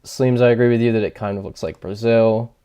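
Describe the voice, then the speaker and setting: Low, dark and resonant, his voice comes through clear despite lo-fi sound, with fairly even intonation and a slightly quick delivery. He mulls things over aloud while gaming, reading chat and poking fun at himself in relaxed stream commentary.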